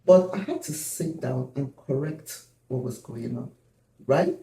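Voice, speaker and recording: A man's voice: medium pitch, expressive, measured pace, warm tone, a little hiss or hum. A man from Nigeria talking earnestly and firmly as host of a casual panel chat. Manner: earnest, firm, emphatic. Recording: echoey room.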